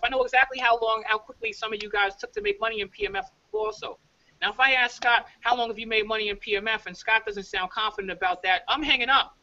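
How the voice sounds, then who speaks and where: This New York man is a leadership coach whose voice is high and bright, and he's working with his team on a video call that sounds dull and lo-fi. His delivery is fast and emphatic, punctuated by repeated "all right?" check-ins.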